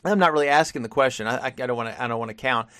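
A man co-hosting a podcast, retelling a film's plot in a rambling way with quick acted-out quotes. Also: medium pitch, pushed and bright, no room sound. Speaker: podcast co-host. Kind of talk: casual plot recap.

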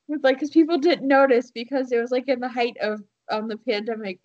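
A woman's voice: fairly high pitch, fairly even intonation, a little fast, hardly any pauses, a little mellow, highs cut off. A woman co-hosting a podcast, telling a story in casual chat with lots of fillers and laughs. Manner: rambling with many fillers and laughs. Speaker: podcast co-host.

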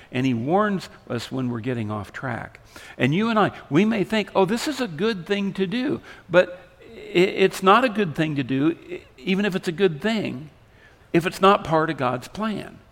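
A man preaching a sermon, his delivery swinging between loud emphatic lines and soft hushed ones. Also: fairly high pitch, long reverb tail. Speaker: pastor.

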